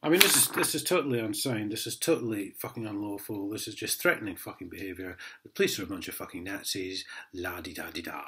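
A man's voice: lowish voice, fast talker, hardly any pauses, pushed and bright. An Englishman in an angry vlog rant, swearing heavily and mocking a letter he reads aloud. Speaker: vlogger.

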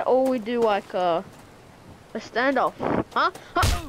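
A woman streams a video game, chattering through excitable reactions in a high voice. She talks at an unhurried pace. Game noise sits clearly behind her throughout. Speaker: gameplay streamer. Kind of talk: gameplay commentary. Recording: noisy game audio behind.

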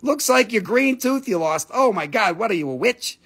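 A man's voice: sits high, lively intonation, moderate pace, fairly bright tone. A man hosting a live rock sale stream, joking and swearing freely in non-native, broken English. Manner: joking, profane, playful. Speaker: host and rock seller.

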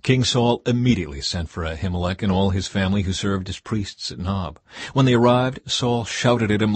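A man narrating a Bible audiobook in a measured, expressive reading voice. His tone is slightly husky, and the recording is dry and close, as if made in a small booth. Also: fairly low pitch, no room sound.

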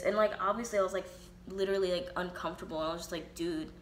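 A woman's voice: fairly low pitch, fairly even intonation, racing, a little hiss or hum. Candid young woman telling a story. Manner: candid and profane, quotes herself and others in reenacted dialogue. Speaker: vlogger. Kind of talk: casual storytime. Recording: roomy echo, faint ambience.

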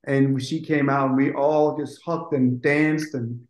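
Male producer guest, lively anecdote teller, mid-pitched voice, roomy echo around him. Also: measured pace. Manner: animated, acts out quotes, swears casually. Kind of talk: anecdotal interview storytelling.

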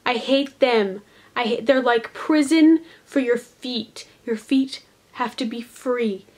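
A woman's voice: fairly high pitch, slow pace, a little mellow. A woman doing an indignant sock-hating sandals guy. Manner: indignant and dramatic.

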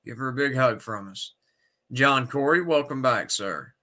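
Man, sick, livestream host, casual chat, greets each viewer by name, sharp bright tone. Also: medium pitch, unhurried.

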